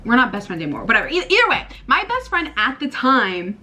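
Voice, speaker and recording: A young woman in her twenties tells a story in casual talk to camera. Her voice sits a little high, and her delivery is lively and chatty, speaking straight to her viewers. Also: fast. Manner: animated, chatty, addresses viewers as y'all. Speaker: vlogger telling a personal story.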